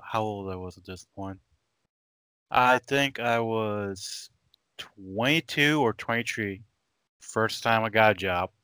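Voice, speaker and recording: A man's voice: on the low side, bright, forceful tone, clean tone, no echo. A man from Aruba, a guest on a casual podcast, talking in a laid-back, hesitant way with many fillers.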